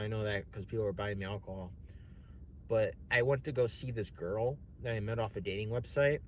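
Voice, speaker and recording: A young man with a mid-pitched voice tells a story on a casual stream. He rambles, restarts and swears freely, with faint noise behind him. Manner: rambling, profane, with many fillers and restarts. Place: home streaming setup.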